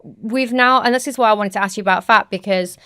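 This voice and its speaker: British woman host, blunt and animated, dry studio mic. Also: mid-range voice, a little fast, dry recording. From Britain. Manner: blunt, animated, acts out quotes. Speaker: podcast host and fashion stylist. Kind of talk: casual podcast chat.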